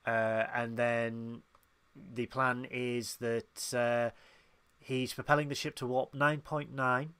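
A man's voice: medium pitch, level tone, fairly bright tone, clear, resonant tone, no room sound. Chatty man, dry close sound. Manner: chatty, acts out characters' lines in quick asides. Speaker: podcast co-host. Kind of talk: casual review chat.

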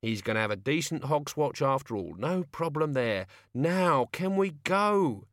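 A man's voice: on the high side, animated, measured pace, fairly bright tone, no echo, studio quality, voice pushed up. A man doing a whiny grumpy old servant. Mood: complaining. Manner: fretful, whining, rough everyday speech.

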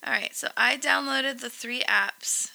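A woman's voice: high-pitched, a little slow, gravelly, pushed and bright, no room sound. A young adult woman co-hosting a podcast, chatting casually and swearing now and then. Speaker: podcast co-host.

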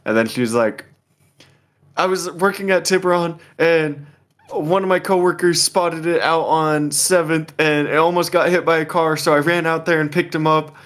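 A man's voice: a little high, normal speed, a bit bright. A young man telling a rambling story in a casual chat. He is laid-back, swears a lot and laughs often. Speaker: podcast co-host telling a story.

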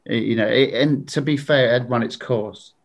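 A man's voice: medium pitch, normal speed. A man, a podcast guest who tells long, rambling stories in casual chat and laughs as he talks. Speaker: podcast guest, former football show presenter.

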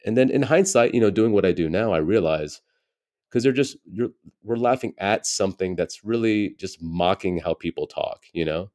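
This American stand-up in his forties, a guest in a casual interview, has a voice on the low side with a darkish tone, expressive and a little fast. His storytelling is candid and reflective, sprinkled with "you know."

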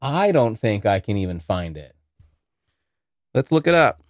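A man's voice: lowish voice, sing-song, unhurried, no echo, clean studio sound. A man hosting a podcast, rambling through a casual monologue full of profanity. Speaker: podcast host.

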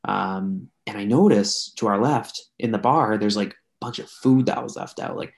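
Gravelly young man telling a rambling story. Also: fairly low pitch, normal speed. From Canada. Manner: rambling, filler-heavy, chatty. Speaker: podcast co-host. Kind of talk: casual storytelling among friends.

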